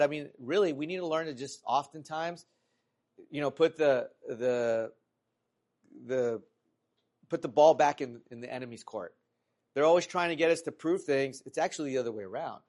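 A middle-aged man preaching a sermon in a conversational way, with many fillers and restarts, rising in pitch and volume when he reads scripture aloud. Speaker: pastor.

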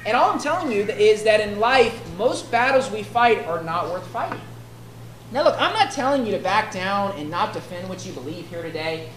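A woman with an expressive mid-range voice preaches at a moderate pace, reading scripture and explaining it conversationally in an expository sermon. She keeps asking "right?"; the echoey room has faint ambience and slight background noise.

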